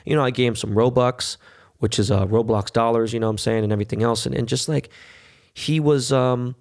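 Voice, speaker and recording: A man's voice: mid-range voice, steady tone, fairly quick, a little mellow. A man, hosting a podcast and telling a loose, profane, talkative story in casual monologue. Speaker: podcast host.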